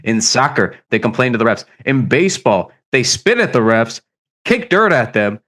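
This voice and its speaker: Animated ranting sports-podcast man. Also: medium pitch, normal speed. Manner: animated, ranting, swears often. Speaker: podcast co-host. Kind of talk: heated sports debate.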